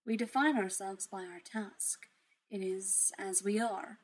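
A woman voicing a calm, polite male AI butler who speaks quietly and formally. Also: medium pitch, measured pace, breathy edge. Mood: solemn.

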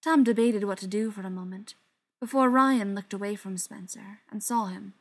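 A woman reads a novel aloud in an even, mid-pitched voice. Her delivery is steady and dramatic, and some quieter passages sink to a near whisper. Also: normal speed. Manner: steady, dramatic reading with soft, hushed passages. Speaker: narrator. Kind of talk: audiobook narration.

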